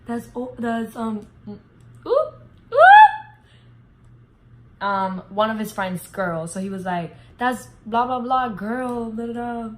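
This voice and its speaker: A woman's voice: fairly high pitch, slow pace, pauses often, background noise. A young woman vlogger telling a casual storytime, full of fillers and swearing. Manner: animated, heavy filler words, swears freely.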